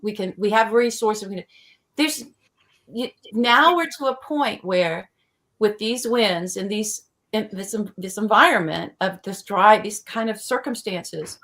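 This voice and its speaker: A woman's voice: mid-range voice, a little slow, a bit bright. A woman who grew up in the American Midwest, hosting a casual discussion and thinking aloud as she searches for words. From Tornado Alley, US Midwest. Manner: thinking aloud with many restarts.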